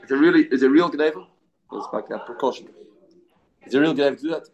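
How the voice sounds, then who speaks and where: A man's voice: mid-range voice, fast talker, creaky, darkish tone, lo-fi sound. A man teaching an informal Talmud study class, thinking aloud, answering students, and mixing Hebrew and Aramaic terms into his English.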